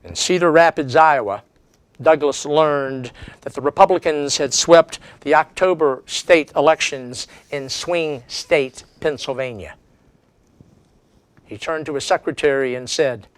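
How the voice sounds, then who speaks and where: A man's voice: fairly high pitch, unhurried, smooth, dry recording. A man giving a history lecture as a seminar speaker, telling it as a dramatic story with strong emphasis.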